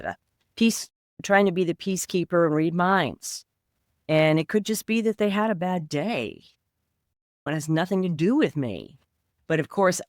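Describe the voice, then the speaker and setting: A woman's voice: low-pitched, no room sound, clean studio sound. A woman co-hosting a podcast, talking in a reflective, conversational and supportive way in casual chat. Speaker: podcast co-host.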